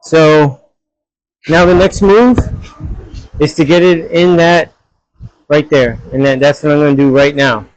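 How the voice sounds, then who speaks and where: A man working as a hot rod mechanic in his garage, talking bluntly and loudly in a casual vlog while wearing a headset. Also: fairly high pitch, steady tone, measured pace, pauses often, no room sound, low-quality recording. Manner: blunt, direct and talks loud. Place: car garage. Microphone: headset mic.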